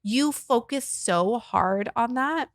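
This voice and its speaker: A woman guest, a voice teacher and arts nonprofit founder, talking in a casual interview in an animated, expressive way with frequent laughter. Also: fairly high pitch, takes it slowly, no echo, clean studio sound.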